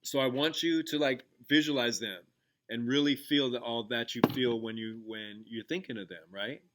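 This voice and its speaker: Medium in pitch, fairly even in intonation, moderately paced and fairly bright, this teacher and podcast host keeps things loose and conversational, full of fillers and restarts. He walks listeners through a gratitude exercise and shares something that happened in class.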